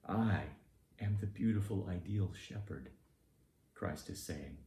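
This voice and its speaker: A man with a Southern US accent delivering a sermon in a measured, deliberate way with pointed emphasis. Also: sits low, dark tone, reverberant. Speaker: preacher.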